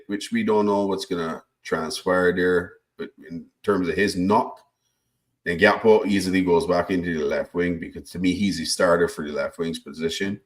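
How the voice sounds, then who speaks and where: Deep-voiced Barbadian man talking football. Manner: stammering restarts, talks his opinions through at length. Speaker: podcast co-host. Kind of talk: casual football analysis.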